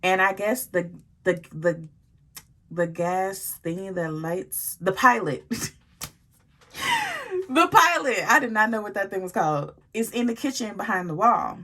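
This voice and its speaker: A woman telling a story to her viewers in a casual, animated way, full of slang and swearing. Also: mid-range voice.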